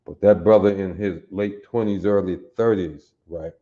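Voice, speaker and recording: A man's voice: sits low, fairly even intonation, normal speed, dark tone, reverberant, muffled recording. A man in his sixties teaching a language class over a livestream, folksy and talking straight to viewers, often asking if they see it. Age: 60s. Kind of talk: livestream lesson.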